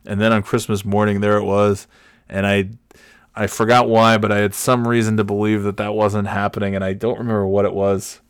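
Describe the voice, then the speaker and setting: A man casually telling a funny personal story, animated and swearing freely, acting out what people said. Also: on the low side, fairly quick, clear, resonant tone, dry recording, studio quality. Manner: animated, swears freely, acts out quotes with big shouts.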